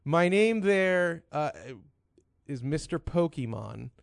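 Man, casual comedic storyteller, slightly high voice, dry close sound. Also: takes it slowly, creaky, clean tone, no room sound. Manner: animated storyteller, acts out quoted voices. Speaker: podcast co-host.

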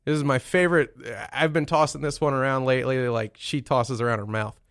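A man's voice: mid-range voice, steady tone, fairly quick, a bit bright, no echo, studio quality. A man hosting a crude, casual chat, blunt and teasing, swearing freely.

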